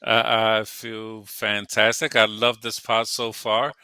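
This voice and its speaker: A man co-hosts a podcast with a very bright, forceful voice. He talks in brash, casual banter and stumbles into his sentences. The sound is dry and close. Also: fairly low pitch, completely flat delivery, takes it slowly, smooth, no room sound. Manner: brash, hesitant starts. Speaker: podcast co-host.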